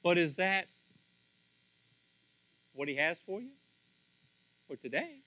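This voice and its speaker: A man preaching a sermon as pastor, animated and acting out little dialogues with swings from loud to soft. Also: high voice, slow pace, long pauses, no room sound, poor audio. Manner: animated, acts out quoted dialogue, big swings in loudness.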